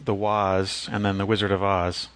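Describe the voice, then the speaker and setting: A man with a somewhat low voice co-hosts a podcast in an easy, joking way. The sound is dry and close. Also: flat delivery, normal speed, a bit bright, dry recording. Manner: laid-back, joking. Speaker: podcast co-host. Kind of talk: casual podcast chat.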